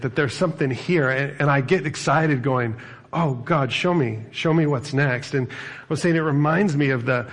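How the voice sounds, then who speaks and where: Conversational man preaching a sermon. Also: medium pitch. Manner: conversational, animated storytelling with asides. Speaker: pastor.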